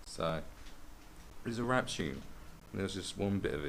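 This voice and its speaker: A man's voice: low voice, lively intonation, moderate pace, creaky, fairly bright tone, slight background noise, poor audio. A man hosting a podcast, telling rambling, sweary stories in a casual monologue.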